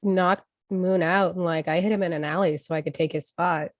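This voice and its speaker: A woman tabletop player and game master getting over a cold, introducing herself in a relaxed way. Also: lowish voice, brisk, no room sound, clean studio sound. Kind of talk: casual introduction chat.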